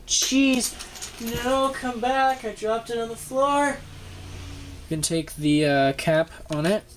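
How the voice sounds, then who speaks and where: Filming a toy close up at his home desk, a young man with a fairly high voice reviews it in a relaxed, stop-start way, filling gaps with ums and uhs. The audio comes from the camera's built-in mic, with slight background noise.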